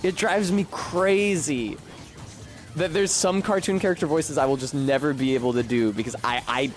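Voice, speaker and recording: Male game streamer, mid-pitched, rambling and profane, faint music behind. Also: fairly even intonation, quick pace. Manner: rambling, profane and self-deprecating. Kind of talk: casual gameplay commentary.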